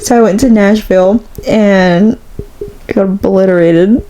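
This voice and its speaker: A young woman chats casually as a podcast co-host, spinning a story with giggles, fillers and restarts. Her voice sits at an ordinary pitch for a woman. A faint hiss runs under the recording. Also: measured pace. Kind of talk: casual chat.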